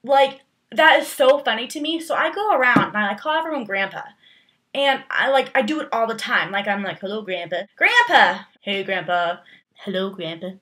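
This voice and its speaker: A young woman chatting straight to her camera, rambling and playful, her talk full of fillers. Her voice sits a little high and sounds bright and forward. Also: expressive, fairly quick. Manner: playful, exaggerated emphasis. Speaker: vlogger. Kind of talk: casual chat answering tag questions.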